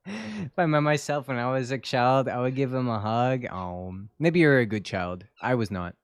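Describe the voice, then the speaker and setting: A man's voice: medium pitch, lively intonation, normal speed, clean tone, no room sound. A young man streaming a game, chatting casually with viewers in a joking, self-mocking way. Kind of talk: casual live-stream chat while gaming.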